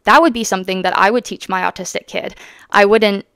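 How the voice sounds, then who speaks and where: A woman's voice: mid-range voice, fairly even intonation, brisk, creaky, fairly bright tone, clean tone, no room sound, studio quality. A young woman from Canada giving heated, emphatic commentary as she reacts to a video, blunt and swearing freely. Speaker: autistic vlogger reacting to a therapy video.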